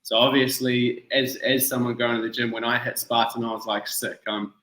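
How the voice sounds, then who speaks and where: A man in his thirties with a New Zealand and Malaysian accent talks easily, laughing and using friendly slang. His voice is bright and tense-edged, at a middle pitch. The room rings with a noticeable echo. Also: little pitch movement, fairly quick. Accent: mixed New Zealand and Malaysian. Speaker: event founder guest. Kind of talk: casual video-call interview.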